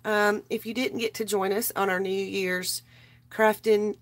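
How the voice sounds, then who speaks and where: A woman's voice: mid-range voice, flat delivery, a little slow. Woman, craft live host, sick and strained, loose chatty rambling. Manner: rambling, greets viewers by name. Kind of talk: casual live chat while crafting.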